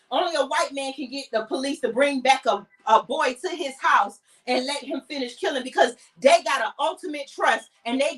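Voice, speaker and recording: A woman's voice: high voice, a bit bright, distant mic. A woman with an African American English accent, hosting a podcast and delivering a blunt, heated, profane monologue. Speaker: podcast host. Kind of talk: impassioned monologue.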